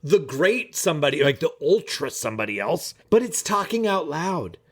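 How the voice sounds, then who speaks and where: Guy productivity coach vlogging to camera, swears a lot, super animated and kinda high-pitched, talks right at you. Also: moderate pace. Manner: animated, profane, talks straight to viewers. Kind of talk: casual vlog monologue.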